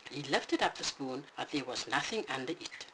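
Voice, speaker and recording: A narrator reading a bedtime storybook aloud in an expressive, animated way. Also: medium pitch, normal speed, background noise.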